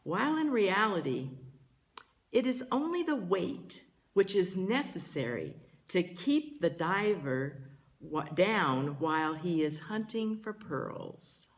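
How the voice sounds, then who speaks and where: Slow, gentle older woman teacher. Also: fairly low pitch, sing-song. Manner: gentle, earnest, pausing often between phrases. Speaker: spiritual teacher. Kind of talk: slow reflective spiritual talk.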